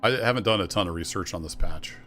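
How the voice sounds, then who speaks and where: Man, Midwestern accent, deep low voice, chatty, self-deprecating, live gameplay commentary. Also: quick pace, pushed and bright, a little hiss or hum. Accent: General Midwestern American. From Northeast Missouri, US. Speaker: game streamer.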